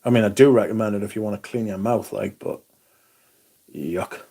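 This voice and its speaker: A man's voice: lowish voice, moderate pace, mellow, slightly rough. A man hosting a livestream, chatting casually, swearing now and then, and reading out viewer comments. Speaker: livestream host.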